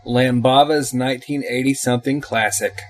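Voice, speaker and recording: A man's voice: medium pitch, steady tone, normal speed, faint music behind. A man co-hosting a podcast in casual chat, talking with emphatic enthusiasm. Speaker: podcast co-host.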